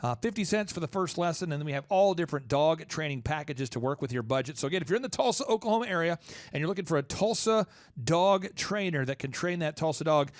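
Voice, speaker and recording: A man hosting a casual podcast, rambling and animated as he acts out what people say. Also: on the high side, fast, dry recording, studio quality. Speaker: podcast host promoting a dog training business.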